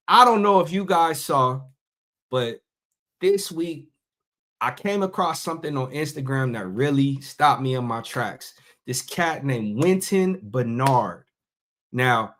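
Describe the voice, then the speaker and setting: A man's voice: mid-range voice, fairly bright tone. A middle-aged man hosting a casual monologue show, talking in a loose, conversational way and stretching out phrases for emphasis. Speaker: podcast host.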